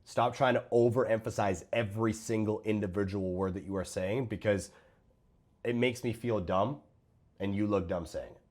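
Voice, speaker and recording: This fitness-video reviewer has a fairly low, slightly mellow voice and talks at a normal speed. He delivers blunt, profane reactions to what other creators post about fitness.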